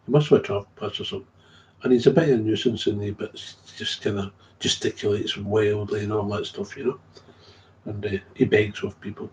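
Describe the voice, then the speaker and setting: A man's voice: on the low side, fairly even intonation, brisk, slight background noise. A man in a casual, rambling monologue about his recovery, repeating himself and chuckling often. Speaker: recovering alcoholic sharing his story. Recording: dull lo-fi recording.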